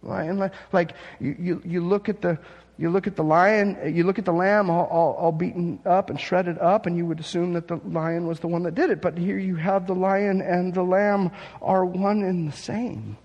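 A man with a slightly high, husky voice preaches a sermon in a church sanctuary. He swings between scripture reading and dramatic, rising outbursts as he acts out awed onlookers. The sound trails off in a long hall reverb. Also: fairly even intonation, normal speed, darkish tone, highs cut off. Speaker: pastor.

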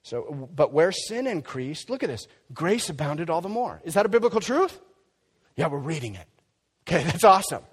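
A man preaching a sermon in an emphatic, conversational way, swinging between loud and quiet. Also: fairly high pitch, very animated, moderate pace, slightly rough. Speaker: pastor. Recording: long hall reverb.

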